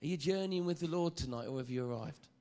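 A man preaching a sermon, lively and joking, often stammering and repeating phrases. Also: a little high, quick pace.

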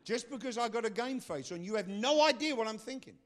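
An older man preaching a sermon in a forceful way, swinging between loud bursts and low asides. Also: expressive, a little fast.

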